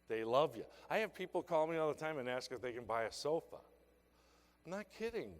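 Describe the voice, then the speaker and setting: A man's voice: fairly high pitch, very animated, brisk. An older man giving an emotional, emphatic motivational speech to a conference audience. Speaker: keynote speaker. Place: large conference hall. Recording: reverberant hall sound.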